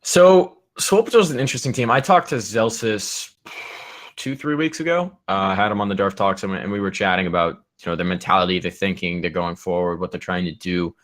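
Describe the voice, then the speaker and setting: A man's voice: deep voice, brisk, a bit bright. A man co-hosting a gaming podcast in casual chat, loose and rambling, often trailing off and restarting. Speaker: podcast co-host.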